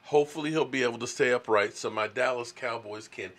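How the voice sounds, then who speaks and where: Man, live-stream host, bright tone, laid-back chat, reads viewer messages. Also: medium pitch, fast.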